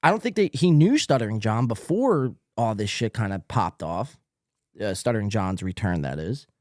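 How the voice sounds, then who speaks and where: A man's voice: lowish voice, sing-song, moderate pace, a little mellow, no echo, clean studio sound. A man hosting a podcast, giving sarcastic, mocking commentary on video clips with lots of swearing. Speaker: podcast host.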